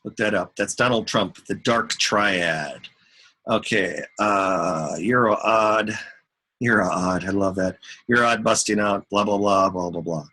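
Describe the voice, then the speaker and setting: A man with a bright, forceful voice talks loosely through market charts in an unscripted live stream. He rambles, chats with viewers and mutters to himself along the way. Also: fairly low pitch, measured pace. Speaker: market commentator.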